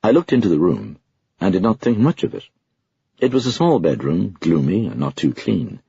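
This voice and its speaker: A man narrating a novel in the first person at a measured pace. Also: sits low, big pitch swings, gravelly, warm tone, husky, dry recording. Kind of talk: audiobook narration. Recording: dull, lo-fi, dry recording.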